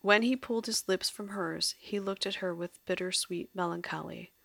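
A woman narrating an audio drama in a measured storytelling way. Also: fairly low pitch, gravelly, bright, forceful tone, no echo.

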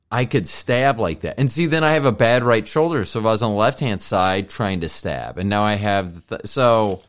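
A man in his fifties talks alone as a podcast host, drifting between tangents and cursing freely while poking fun at himself. His voice sits low and sounds smooth and resonant throughout. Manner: rambling, profane, self-mocking. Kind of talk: casual solo monologue.

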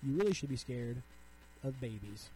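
Young male podcast host, casual and rambling, mellow tone, light hum in the background. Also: medium pitch, animated, normal speed, poor audio. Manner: chatty, frequent "like", reads articles aloud then riffs. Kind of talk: casual solo podcast commentary.

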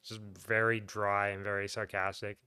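A man's voice: lowish voice, flat delivery, moderate pace, bright, forceful tone, clear, resonant tone, no room sound, clean studio sound. A man co-hosting a podcast, recapping a film in a loose, rambling way with lots of "like" and laughter. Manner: rambling, laughing, full of "like" and restarts. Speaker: podcast co-host. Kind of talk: casual movie recap chat.

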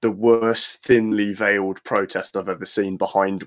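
A man's voice: fairly low pitch, flat delivery, unhurried. A man in casual chat with friends, speaking in a wry way.

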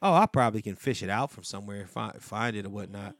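A man's voice: fairly low pitch, quick pace, no echo, studio quality. A man co-hosting a podcast in loose, profane banter. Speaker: podcast co-host. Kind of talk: casual chat.

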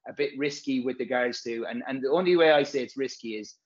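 A man's voice: mid-range voice, fairly quick, muffled recording. Rambling, frank man. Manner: rambling, frank, swears freely. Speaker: physio course presenter. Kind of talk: casual podcast chat.

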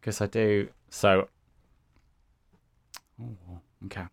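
A man playing a tabletop game, asking eager, quick questions. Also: on the low side, little pitch movement, gravelly, no echo, studio quality. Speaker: player. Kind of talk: tabletop role-play chat.

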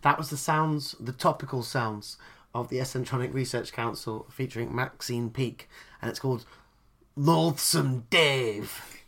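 A man's voice: mid-range voice, fairly even intonation, normal speed, fairly bright tone. A man co-hosting a music podcast, chatty and self-deprecating, laughing easily. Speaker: podcast co-host. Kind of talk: casual chat.

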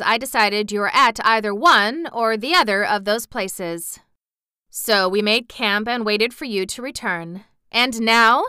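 A woman reading aloud, voicing a kindly little wizard from a storybook in a calm, genial, explaining tone. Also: fairly high pitch, smooth, dry recording, studio quality, pitched above the performer's own voice.

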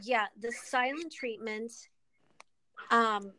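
A woman guest and author in a candid interview, speaking earnestly and with emotion, often pausing with ums and restarting. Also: a little high, sharp tone, a little hiss or hum, low-quality recording.

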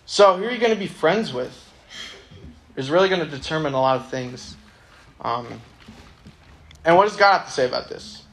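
A man's voice: on the high side, animated, normal speed, long pauses, a bit bright. Casual young man preaching to a youth group. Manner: casual, conversational, many ums. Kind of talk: sermon with Bible reading.

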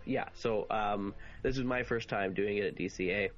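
Brief: sick, hoarse male podcaster, offhand delivery, muffled audio, faint music. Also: lowish voice, moderate pace. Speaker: podcast co-host. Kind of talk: casual podcast chat.

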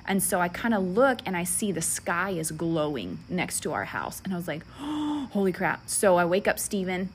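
A woman's voice: fairly low pitch, moderate pace, hardly any pauses, a little hiss or hum. A woman in her thirties hosting a faith podcast alone at home, telling personal stories and acting out the voices in them. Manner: animated storyteller, acts out quoted voices. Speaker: podcast host.

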